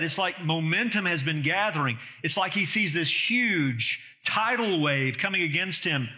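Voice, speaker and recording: Guy preaching a sermon, bright sharp voice, kinda high, earnest, asks the crowd questions. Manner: earnest, emphatic, rhetorical questions. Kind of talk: expository sermon.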